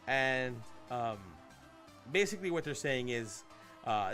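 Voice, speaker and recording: A man hosting a casual live-streamed podcast, telling a story in an animated, rambling way and swearing freely. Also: medium pitch, slow pace, faint music behind. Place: home streaming setup. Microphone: desk mic while streaming live.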